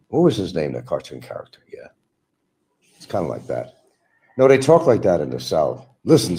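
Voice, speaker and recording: A man's voice: a bass voice, dark tone. A man hosting a stream, giving a combative, mocking monologue aimed at absent rivals. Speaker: livestream host. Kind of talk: ranting monologue.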